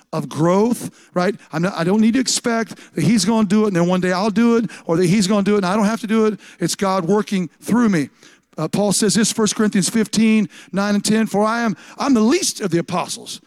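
A man's voice: high voice, dry recording. A man preaching a sermon as pastor, emphatic and repetitive, often restarting his words.

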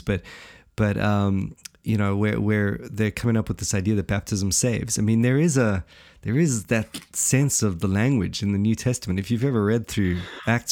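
A man's voice: on the low side, a little mellow. A man co-hosting a casual theology chat, playful and rambling with fillers and restarts. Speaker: podcast co-host.

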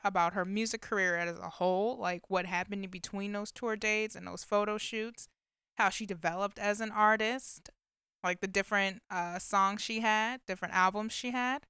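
A woman with a bright, forward voice talks casually, filling her retelling with likes and you-knows. Her tone is very smooth and clean, recorded close and dry with no room sound. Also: medium pitch, normal speed, dry recording. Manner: chatty storytelling with many fillers. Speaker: vlogger recapping a movie. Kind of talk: casual chat.

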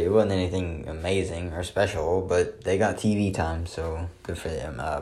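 Deep-voiced man, dry sarcastic recap. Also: a little mellow. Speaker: wrestling show reviewer. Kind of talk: casual solo recap.

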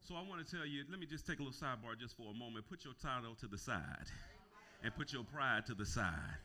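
Male preacher, really bright tense voice, call-and-response, gets to shouting. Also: mid-range voice, animated, fast talker. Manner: repeats words and restarts phrases. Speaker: pastor. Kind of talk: sermon.

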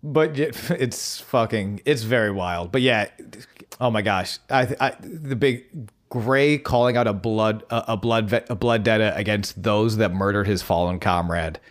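Male podcast co-host, excitable, stumbling restarts, casual swearing. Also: on the low side, moderate pace. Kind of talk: casual chat about comics.

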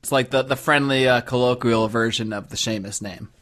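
A man's voice: medium pitch, fairly quick, a bit bright. A man hosting a podcast interview, reading sponsor spots with upbeat emphasis before talking with his guest. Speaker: podcast host.

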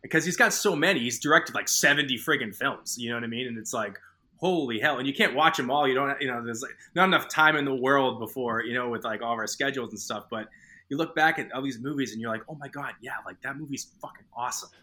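Rambling Boston-accented man, bright voice. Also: medium pitch, fast. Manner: rambling, profane, many fillers. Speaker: podcast guest. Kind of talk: casual chat, storytelling.

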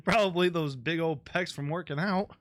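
A man hosts a podcast in loose, profane banter, his voice sitting a little high for a man. The recording is dry and close. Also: normal speed, dry recording. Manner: laid-back, profane banter. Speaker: podcast host. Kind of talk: casual chat.

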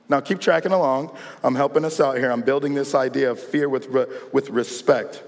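A man's voice: mid-range voice, steady tone, fairly quick, few pauses. A male pastor giving a conversational, humorous sermon who keeps checking in with his listeners. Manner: conversational and humorous, calling for responses. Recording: long reverb in a large hall.

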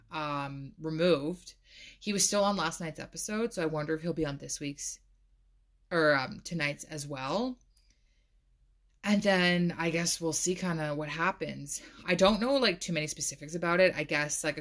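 Low-voiced chatty woman podcaster. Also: fairly bright tone. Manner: chatty, says "like" a lot, laughs often. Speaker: podcast host. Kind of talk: casual solo podcast chat.

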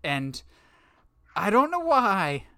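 Bright, dry-voiced opinionated co-host. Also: medium pitch, wildly swooping pitch, takes it slowly, no room sound. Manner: opinionated, playful, emphatic. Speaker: podcast co-host. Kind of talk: casual movie chat.

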